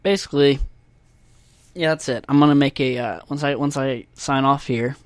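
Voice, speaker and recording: A man's voice: mid-range voice, steady tone, moderate pace, smooth, dry recording. A man hosting a casual solo podcast, talking in a rambling, profane, self-mocking way into a USB desk microphone. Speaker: podcast host.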